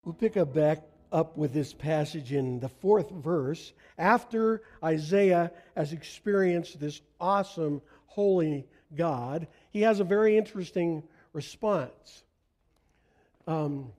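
A middle-aged male pastor preaching a sermon in a church, earnest, going soft in prayer and rising on emphasis. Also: a little high, slow. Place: church sanctuary.

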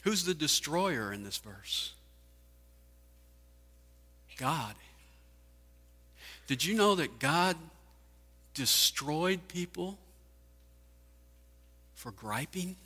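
A man's voice: on the high side, expressive, drawn-out words, pauses often, bright, forceful tone, breathy edge. A man preaching a sermon, firing off rhetorical questions with emphasis. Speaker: pastor. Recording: hall reverb.

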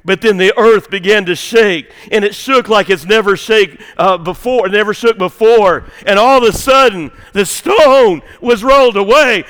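High bright-voiced preacher swinging soft to loud. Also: male voice, poor audio. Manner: dynamic, swings from hushed prayer to shouting. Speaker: pastor. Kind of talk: sermon. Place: church sanctuary.

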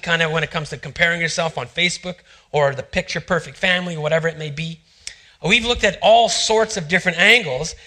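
Telling a personal story from the pulpit, a middle-aged male pastor delivers a sermon in a fairly high voice. He acts out the quoted lines in hushed tones.

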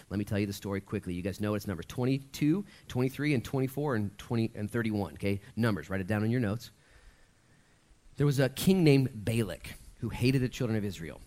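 A man preaching a sermon as pastor, telling a Bible story in an animated, casual way. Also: on the low side, fast talker.

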